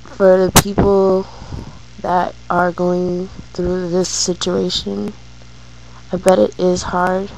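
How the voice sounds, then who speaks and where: A woman's voice: lowish voice, flat delivery, takes it slowly, gravelly, a little mellow, a little hiss or hum, rough recording. A woman vlogging, telling a personal story in a hesitant way with many fillers.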